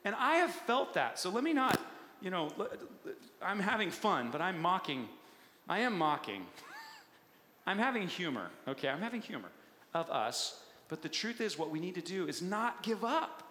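A man preaching a sermon with a playful, animated, punchy delivery. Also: sits high, moderate pace, slight background noise. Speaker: pastor. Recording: echoey hall with long reverb.

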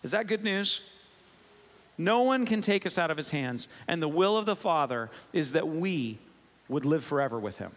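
A man's voice: on the high side, lively intonation, normal speed, a bit bright. A man preaching a sermon as pastor, talking in a conversational, playful way with asides to the congregation. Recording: long reverb of a large hall.

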